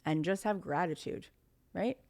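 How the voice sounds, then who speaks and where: A middle-aged woman talking as a guest on a podcast, with a voice on the low side. She speaks in an animated way, acting out little quotes and sometimes dropping into a near whisper. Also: a little slow. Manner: animated, acts out quotes, drops to a whisper for emphasis. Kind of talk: conversational podcast interview.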